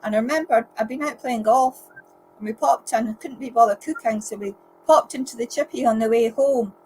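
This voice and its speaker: A woman with an Edinburgh accent softened by years in England, telling chatty stories. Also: fairly high pitch, brisk, poor audio. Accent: Scottish, Edinburgh, softened by years in England. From Scotland. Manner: chatty anecdotal. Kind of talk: casual chat. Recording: faint background noise.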